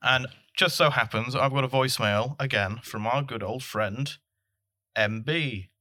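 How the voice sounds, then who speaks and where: Man, podcast co-host, dry laid-back delivery, bright sharp tone. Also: mid-range voice, measured pace. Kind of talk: comedy podcast banter.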